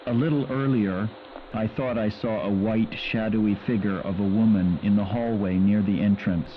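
A man plays a male investigator narrating his diary in a low, toneless drone, each entry read with no emotion at all. The game audio comes through muffled, with a faint hiss underneath. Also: normal speed, lightly acted. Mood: flat. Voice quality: flat, emotionless delivery. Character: male investigator, flat and sleepy-sounding diarist. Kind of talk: dubbed video game voice acting.

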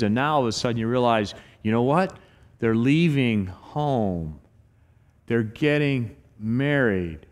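A middle-aged man of medium pitch and ordinary pace preaches as a pastor in a church sanctuary. The long reverb of the hall surrounds his animated storytelling, in which he performs the quotes.

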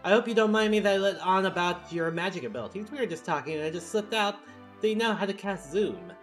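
A man's voice: high voice, animated, fast talker, soft background music. A man voicing a posh, teasing young prince in a game read-along, chummy and confiding. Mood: friendly.

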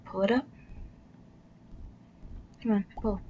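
In a dull, lo-fi recording with faint noise, a young woman gives casual commentary while gaming on video, speaking at a moderate pace in a medium-pitched, darkish voice. She pauses often, lets out swears and gasps, and slips into whispered asides.

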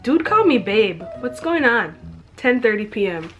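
A woman's voice: on the high side, sing-song, normal speed, faint music behind. A young woman reading her teenage diary aloud, breaking off for chatty, self-mocking asides and frequent giggles. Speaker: vlogger.

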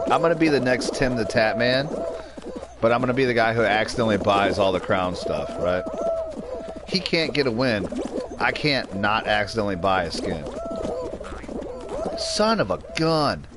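A young man streams a game with loose, joking commentary, rambling along and getting riled up at other players. His voice sits a little low, and a steady hiss of background noise runs under the recording. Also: normal speed, pauses often. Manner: joking, rambling, flares up at teammates. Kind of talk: casual gameplay commentary.

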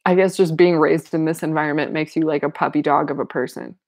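A young woman with a somewhat low voice reads a novel aloud. She keeps stopping to add animated, candid comments of her own, laughing often as she goes. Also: quick pace. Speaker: reader and commentator.

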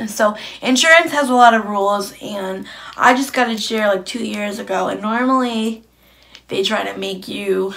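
A woman's voice: mid-range voice, fairly bright tone. A young woman vlogging to camera in a rambling, blunt, chatty way with lots of fillers. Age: young adult. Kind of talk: casual chat to camera.

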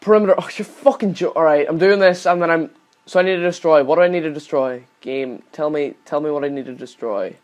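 A young man giving casual gameplay commentary as a channel host. He swears constantly and yells at the game whenever it goes wrong. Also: on the high side, fairly quick, highs cut off.

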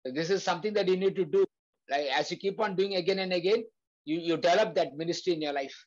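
This man speaks fast in a high-pitched voice with a darkish tone, and the highs in the recording are cut off. He is leading a Bible study, preaching earnestly to a prayer group with repeated phrases and lots of fillers.

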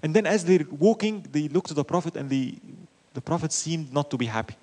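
A man with a voice on the high side speaks fairly quickly while teaching an Islamic lecture. He tells stories in an animated way, posing rhetorical questions and mixing in Arabic phrases.

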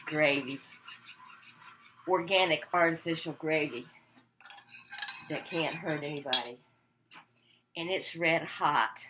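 A woman's voice: low-pitched, slow, pauses often, noisy background. An older woman ranting profanely and defiantly as she cooks in her home kitchen for her video, with no one behind the camera. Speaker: cooking vlogger. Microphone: camera without an operator.

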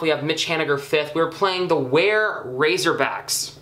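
A young man casually commenting on his own gameplay, chatty and excitable, scolding himself with frequent ums and uhs. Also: fairly high pitch, unhurried, few pauses, echoey room, slight background noise. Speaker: gaming YouTuber.

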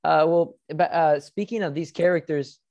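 A man's voice: on the high side, moderate pace, darkish tone. A young man hosting a casual interview, eager and admiring, often restarting his sentences. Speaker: interview host.

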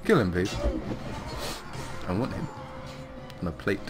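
Low-voiced guy gaming, swears a lot, laughs, voice jumps around a lot. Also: measured pace, over music. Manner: excitable, sweary, laughs often, swings between loud outbursts and mutters. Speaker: gaming host. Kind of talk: casual gameplay commentary.

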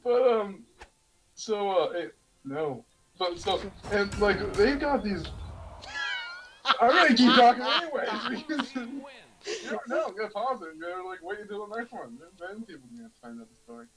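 A man's voice: high voice, expressive, moderate pace, a bit bright, poor audio. A young man chatting casually with a friend while gaming, rambling and laughing, full of fillers. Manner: giggly, rambling, filler-heavy. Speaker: gamer.

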